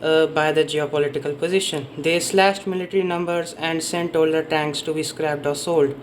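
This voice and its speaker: A man's voice: a little high, steady tone, moderate pace, slight background noise, rough recording. Man casually summarizing a history book. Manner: rambling, self-correcting, stumbles over names. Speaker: book reviewer.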